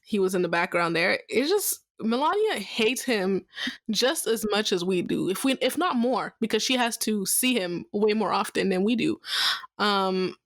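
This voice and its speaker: A woman's voice: mid-range voice, expressive, normal speed, no room sound, studio quality. A woman co-hosting a podcast in casual chat, candid and swearing freely, with many fillers. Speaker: podcast co-host.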